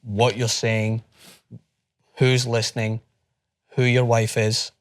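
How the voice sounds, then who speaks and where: A young Scottish man co-hosting a sports talk show, joking and chatting fast. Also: mid-range voice. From Scotland. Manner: fast-talking, joking, animated. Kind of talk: casual chat.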